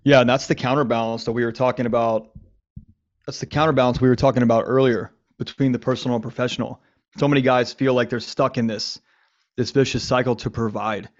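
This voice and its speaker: A man hosting a casual conversation, talking candidly and animatedly, with some swearing. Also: medium pitch. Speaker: podcast host. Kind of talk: casual conversation on men's lives. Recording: slightly dull lo-fi audio.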